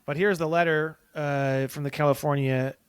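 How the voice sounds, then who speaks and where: A man's voice: on the high side, steady tone, moderate pace, clear, resonant tone, dry recording. A man guesting on a podcast, telling a long story in a rambling, profane and indignant way. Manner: heated, indignant. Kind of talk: casual podcast conversation.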